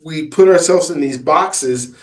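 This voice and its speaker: A man, an author and business coach, answering interview questions in a halting storytelling way full of fillers and restarts. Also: fairly high pitch, darkish tone, reverberant, far from the mic, low-quality recording.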